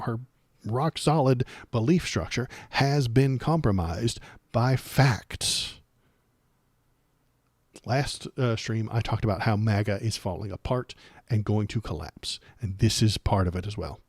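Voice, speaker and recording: A man's voice: mid-range voice, normal speed, a little mellow, slightly rough, no room sound, studio quality. A man hosting a casual political livestream, talking sarcastically and rambling with many fillers and restarts.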